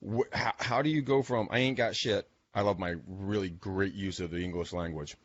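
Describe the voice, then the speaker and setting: A man's voice: deep voice, a little fast, no echo, muffled recording. A male podcast host asking questions in a casual, blunt way with crude slang.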